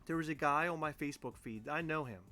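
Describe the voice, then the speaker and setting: A man co-hosting a laid-back chat show, full of playful teasing and exaggerated reactions. His voice is bright, with faint music underneath. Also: on the high side, fast talker. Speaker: podcast co-host. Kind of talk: casual chat.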